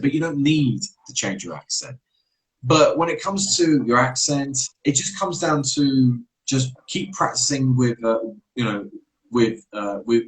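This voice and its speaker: English teacher from London, male, mid-range voice, casual encouraging interview talk with loose pauses. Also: medium pitch, rough recording. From England. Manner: encouraging advice-giving with easy hesitations.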